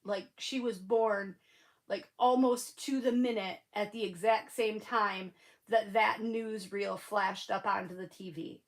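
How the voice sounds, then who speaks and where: A woman's voice: medium pitch, fairly even intonation, unhurried, rough recording. A middle-aged woman, chatting casually with viewers on a craft livestream, gushing and answering comments by name. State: sniffling after crying. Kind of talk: casual live-stream chat with viewers.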